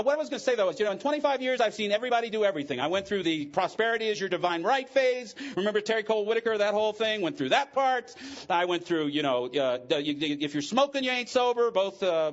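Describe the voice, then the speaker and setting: High-voiced man telling his story. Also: muffled recording. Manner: candid, joking, emotional storytelling. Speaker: recovery meeting speaker. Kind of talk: personal testimony talk.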